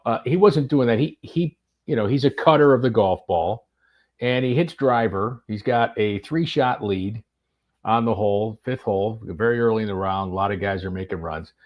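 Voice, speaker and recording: Low-voiced man telling a story, lo-fi. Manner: animated anecdote-telling with many fillers and restarts. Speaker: golf radio reporter and podcast guest. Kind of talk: casual storytelling chat.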